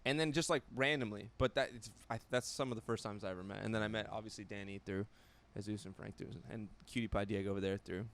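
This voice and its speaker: A man's voice: fairly low pitch, steady tone, quick pace, a bit bright, slight background noise. A man co-hosting a podcast in casual chat, rambling through stories with restarts and laughing along. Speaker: podcast co-host.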